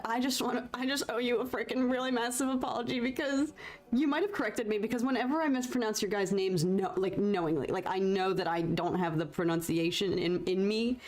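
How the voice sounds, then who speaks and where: A young woman talks loosely to her live-stream viewers as she paints, rambling from thought to thought and poking fun at herself. Her voice sits a little high, and light music plays quietly under her talk. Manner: rambling, self-deprecating, mild swearing substitutes. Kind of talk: casual live-stream chat.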